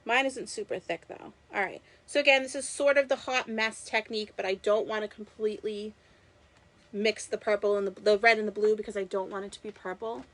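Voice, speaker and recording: A woman's voice: medium pitch, steady tone, brisk, fairly bright tone. A woman from Massachusetts with a Boston accent, chatting enthusiastically with viewers while she demonstrates a craft live. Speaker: crafter hosting a live stream. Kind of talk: live craft demo chat.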